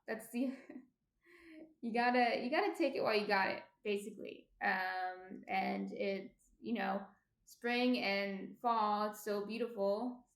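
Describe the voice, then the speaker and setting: Her voice is gravelly and medium-pitched as she bakes in her home kitchen area and chats with live-stream viewers, frequently drifting off with ums. She has a New Jersey accent, and the audio sounds echoey and roomy.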